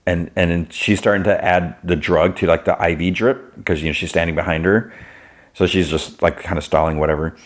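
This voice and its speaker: Deep-voiced man in a rambling recap. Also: fairly even intonation, brisk. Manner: rambling, fills with "like" and "you know", swaps in "fudging" for curses. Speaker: podcast host. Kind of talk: casual TV episode recap.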